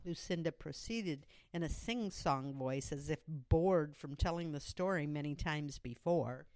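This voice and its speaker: A woman narrating a story in a measured storytelling manner for an audiobook. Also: sits low, darkish tone, no echo.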